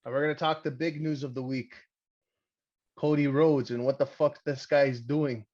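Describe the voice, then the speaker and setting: A man's voice: mid-range voice, normal speed, dull audio. A young man from Canada hosting a wrestling podcast, rambling and swearing in casual chat. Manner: rambling, crude, excitable. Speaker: podcast host.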